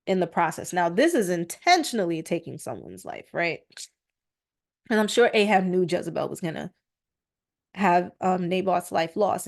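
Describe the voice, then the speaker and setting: A woman's voice: on the low side, a little mellow. A woman hosting a casual podcast, talking through a case and reading scripture aloud with lots of fillers. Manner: chatty, frequent fillers, reads verses aloud. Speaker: podcast host. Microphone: microphone on a stand.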